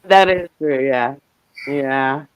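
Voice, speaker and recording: A woman's voice: takes it slowly, clear, resonant tone. A middle-aged woman hosting a casual panel chat, telling a story with lots of swearing and acting out what others said. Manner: animated, swearing, acts out quotes in a higher voice. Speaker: panel host.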